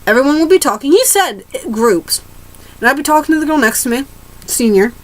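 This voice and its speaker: A woman's voice: high-pitched, lively intonation, brisk, poor audio. A teenage girl ranting to camera in a rambling, casual way, restarting her sentences and swearing freely. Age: teens. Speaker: vlogger.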